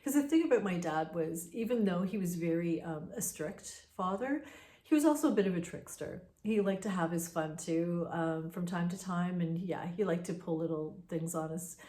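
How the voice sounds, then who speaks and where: Woman chatting through a ghost story, relaxed and conversational, roomy echo. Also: lowish voice, normal speed. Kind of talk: casual spoken ghost story.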